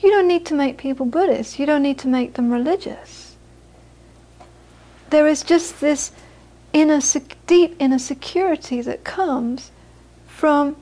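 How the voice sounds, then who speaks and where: A woman giving a Buddhist talk, telling stories with lively acted-out quotes and then turning soft and earnest as she teaches. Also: sits high. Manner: lively storytelling, acts out the people she quotes. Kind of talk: dharma talk to a small audience.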